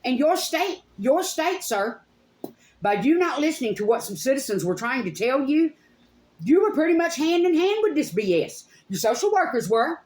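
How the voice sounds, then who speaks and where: A woman's voice: sits high, big pitch swings, moderate pace, darkish tone. A middle-aged woman hosts her psychic channel, ranting straight to camera in a heated, accusing tone, swearing and repeating phrases for emphasis. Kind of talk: angry direct-to-camera rant. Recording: echoey room.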